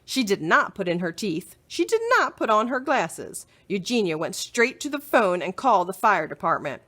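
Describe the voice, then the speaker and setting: Animated woman reading a kids' book. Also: mid-range voice, normal speed. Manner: expressive, animated storytelling. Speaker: children's librarian. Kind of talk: reading a children's chapter book aloud.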